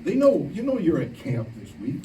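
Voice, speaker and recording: Speaking at normal speed, a high-voiced preacher delivers a camp sermon in the large, echoey room of a camp meeting, acting out quoted voices as he tells his animated stories. A distant mic records it with faint ambience and slight background noise.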